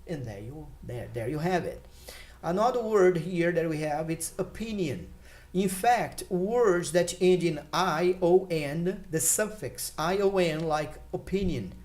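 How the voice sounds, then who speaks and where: Man teaching English patiently. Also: darkish tone. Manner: patient and explanatory, lets listed words fall in pitch; thinks aloud with fillers and restarts. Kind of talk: online English lesson for learners.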